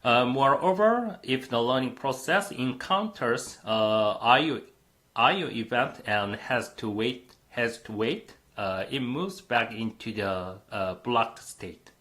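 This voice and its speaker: A man's voice: medium pitch, lively intonation, takes it slowly, a bit bright. A man lecturing a university class on computing, explaining step by step with frequent "uh" fillers.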